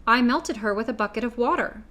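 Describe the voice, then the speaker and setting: A woman's voice: fairly high pitch, brisk, a bit bright, close to an everyday voice. A woman doing earnest young Dorothy. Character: young girl, earnest and bold.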